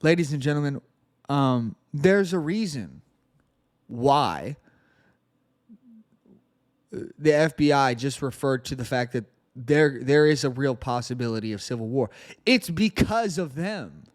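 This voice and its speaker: Male podcast host, sarcastic political monologue, average pitch, reads quotes fast. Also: animated.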